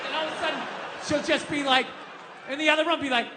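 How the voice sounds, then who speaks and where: A man doing a stand-up comedy rant, loud and profane, acting out voices as he goes. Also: extremely high pitch, expressive, fast talker, background noise. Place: live comedy venue. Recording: reverberant live venue with faint ambience.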